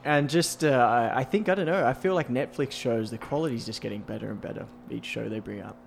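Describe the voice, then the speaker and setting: A man's voice: mid-range voice, fairly quick, vocal fry, slight background noise. A man co-hosting a casual chat, rambling with lots of fillers and restarts. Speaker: podcast co-host.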